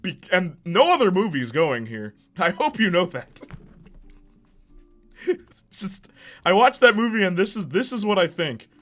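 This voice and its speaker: A man hosting a casual movie ranking, excitable and slangy, laughing often as he talks. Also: sits high, unhurried, pauses often, faint music behind. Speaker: host.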